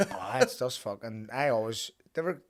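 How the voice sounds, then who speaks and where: A man's voice: mid-range voice, very animated, normal speed, creaky. A man from Northern Ireland with a Belfast accent, hosting a podcast and telling stories in casual chat, swearing often. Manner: swearing, laughing storyteller. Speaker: podcast host.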